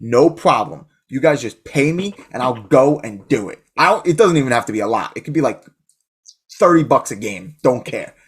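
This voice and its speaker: Husky new york dude, brash and loud, just shooting the breeze about baseball. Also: male voice, medium pitch, animated, moderate pace. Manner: brash, loud storyteller who mimics his own yelling. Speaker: podcast co-host. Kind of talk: casual sports chat.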